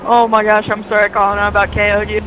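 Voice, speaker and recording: Guy racing along on voice chat, chatty n apologetic, pretty high voice. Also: monotone, quick pace, noisy background. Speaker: fellow racer on voice chat.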